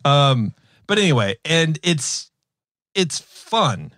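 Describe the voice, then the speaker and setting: A man's voice: mid-range voice, normal speed, dry recording, studio quality. A man in his thirties hosting a podcast, chatting casually and telling stories with lots of fillers and restarts. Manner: rambling, animated storytelling with many fillers. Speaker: podcast host. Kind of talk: casual chat.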